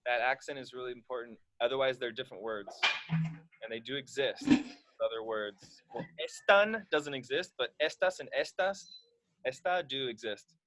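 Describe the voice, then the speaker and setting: Relaxed man teaching Spanish grammar. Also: medium pitch, moderate pace, a little hiss or hum, poor audio. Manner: relaxed, explains rules step by step. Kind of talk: casual online class instruction.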